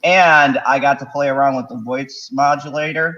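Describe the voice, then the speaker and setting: A man's voice: medium pitch, fairly even intonation, normal speed, bright, forceful tone, a little hiss or hum. Guy hosting a fan chat stream, jokey, laughs a lot, kinda muffled lo-fi sound. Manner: laughs often, loose and joking. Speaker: host. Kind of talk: casual chat.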